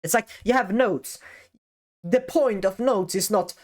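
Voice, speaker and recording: Halting, self-correcting man giving advice. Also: sits high. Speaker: YouTube creator. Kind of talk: casual advice talk to camera. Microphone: camera facing speaker.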